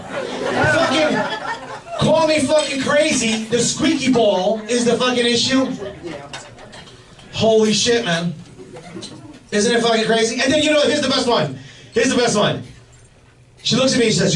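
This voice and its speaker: A man doing a profane, excitable stand-up comedy set on a club stage, with audience laughter behind him. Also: very high-pitched, normal speed, a crowd in the background. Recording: roomy live club sound from a distance.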